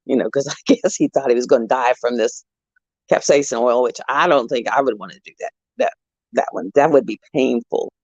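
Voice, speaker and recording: A woman's voice: very deep voice, lively intonation, a little fast, a little mellow, no room sound, lo-fi sound. A middle-aged woman rambling through chatty stories while hosting a casual livestream. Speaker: livestream host. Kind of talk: casual chat while crafting.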